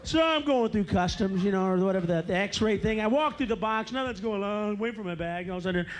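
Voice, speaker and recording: High-pitched male stand-up comic, ranting, explosive screams, live stage mic, noisy tape. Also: expressive, fast talker. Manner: ranting, bursts into raw screams. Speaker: stand-up comedian. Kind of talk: stand-up routine. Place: comedy stage before a live audience.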